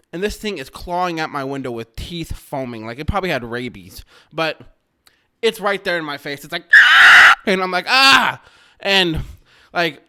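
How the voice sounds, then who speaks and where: A man with a bright, tense, crisp voice, pitched a little high, tells a rambling story from his own life. He swears freely, pokes fun at himself and grows loud and excited as he goes. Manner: rambling, profane, self-mocking, gets loud and excited. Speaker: vlogger telling a personal story. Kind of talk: casual storytelling.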